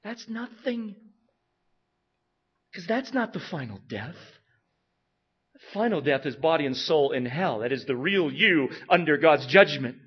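Animated preacher, dull lo-fi sound. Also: male voice, a little high, unhurried, pauses often, breathy edge. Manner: animated, with rhetorical questions, swinging from loud to hushed. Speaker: pastor. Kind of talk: sermon. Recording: dull lo-fi recording.

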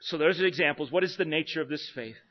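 A male preacher speaks fast and earnestly, working verse by verse through a passage in an expository sermon. To stress points his fairly high voice rises, before sinking soft and low again. The sound is dull and lo-fi.

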